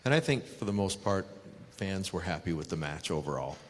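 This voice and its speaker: Older man telling stories, lower voice. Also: a little fast, big-room sound, very noisy. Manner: animated anecdotes with acted-out quotes. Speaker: guest, retired wrestler. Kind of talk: storytelling at a live fan Q&A.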